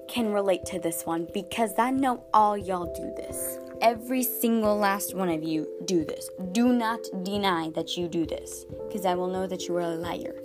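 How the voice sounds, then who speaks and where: A teenage girl hosting a podcast, talking in a chatty, exaggerated comedic monologue full of "like". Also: mid-range voice. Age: teens. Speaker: podcast host.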